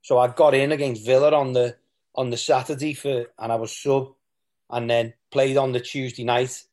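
In a mid-range, slightly mellow voice, this former footballer from England talks at a moderate pace with a flat delivery. He tells candid interview stories, rambling, restarting and frequently quoting what people said.

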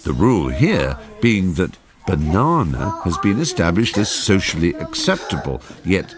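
A man's voice: sits low, wildly swooping pitch, a little slow, a loud crowd. A man presenting and narrating a radio documentary in a witty, playful scripted delivery.

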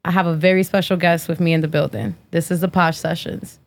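A woman's voice: fairly low pitch, fairly even intonation, fairly quick, over music. Blunt, profane woman podcast host. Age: 30s. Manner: blunt, profane, sassy trash talk. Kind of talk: casual podcast chat with sponsor reads.

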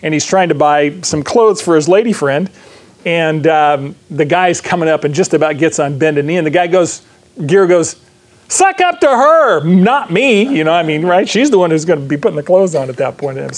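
A pastor with a notably high voice preaches to his congregation. He reads scripture, then slips into relaxed, joking asides and questions for the crowd. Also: normal speed. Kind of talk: sermon.

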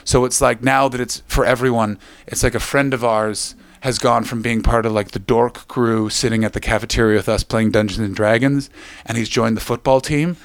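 A man doing live stand-up at a comedy venue on a stage mic, ranting fast and profanely and chatting with the crowd. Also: mid-range voice, no room sound. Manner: rapid, profane, animated ranting. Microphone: stage microphone.

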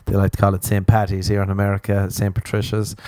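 Rambling Irish comedian, dry close sound. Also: male voice, quick pace, no room sound. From Ireland. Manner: rambling, animated, swings into squealing high voices for emphasis. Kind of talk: comic storytelling monologue.

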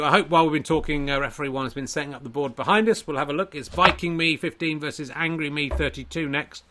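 A man's voice: a little high, fast, few pauses, noisy background. A man hosting a comedy stream, rambling and joking at himself, with an English accent. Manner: rambling, playful, self-deprecating. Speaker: host. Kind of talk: comedy livestream commentary.

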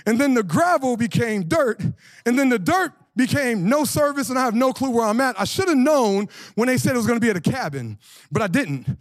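Male pastor in his 40s, very high voice, dry close sound, casual slangy sermon. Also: brisk, no room sound. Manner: animated, slangy, asks the congregation questions. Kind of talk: lively conversational sermon.

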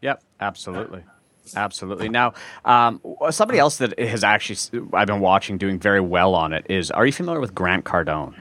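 Rich: A male podcast host with a fairly low voice and a dry, close sound. He talks hesitantly, filling gaps with ums and restarts, and steers the chat with questions. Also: expressive, quick pace, fairly bright tone, no room sound. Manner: hesitant, with many fillers and restarts, asking questions. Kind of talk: casual interview chat.

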